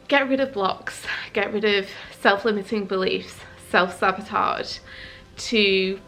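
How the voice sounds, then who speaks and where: A vlogger shares a personal video in a medium-pitched voice with vocal fry and a bright, forceful tone. She comes across as earnest and heartfelt, yet hesitant, often searching for her words.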